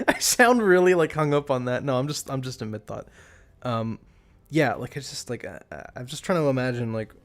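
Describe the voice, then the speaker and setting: A man streaming live, chatting casually in a rambling way, restarting his sentences and laughing at himself. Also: mid-range voice.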